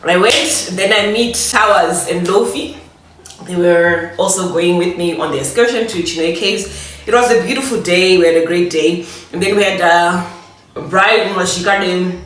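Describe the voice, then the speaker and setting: A woman's voice: mid-range voice, fairly bright tone. Young woman, casual storytime vlogger, laughs a lot; distant mic, echoey room. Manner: chatty, laughing, talks while eating.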